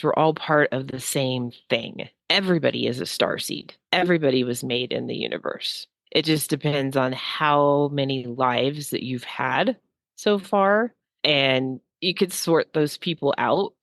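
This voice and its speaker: A woman's voice: extremely low pitch, dry recording. A woman speaking as a psychic guest, rambling and heartfelt, with frequent "like" fillers. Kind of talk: casual spiritual talk.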